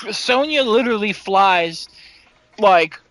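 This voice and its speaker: Podcast co-host, man, high bright voice, animated and cussing, close dry mic. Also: slow, dry recording, rough recording. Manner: animated, profane, laughs often. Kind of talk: casual chat.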